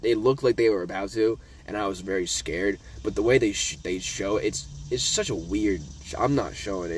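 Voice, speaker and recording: A young man giving a casual, profane rant about a TV episode from his notes, excitable and laughing, swinging from loud high outbursts to low mumbles. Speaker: vlogger reviewing a TV episode.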